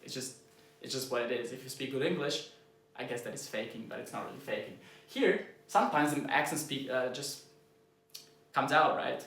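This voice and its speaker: A man from Croatia, a native Croatian speaker with a learned American accent, coaching copywriters in a blunt, informal talk, going softer and slower to stress key points. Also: medium pitch, roomy sound. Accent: American, learned as a second language. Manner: shifts loudness and speed for emphasis, drops soft and slow on key points. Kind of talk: casual instructional talk to camera.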